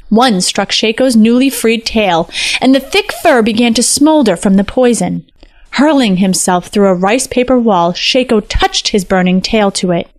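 A woman narrating a fantasy story in a measured storytelling manner. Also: medium pitch, a little mellow, no room sound.

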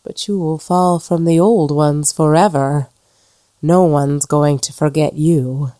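A woman voicing a despairing woman ghost trapped for decades, with a slow, moaning, haunted delivery. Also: low voice, steady tone, warm tone, no echo. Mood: eerie.

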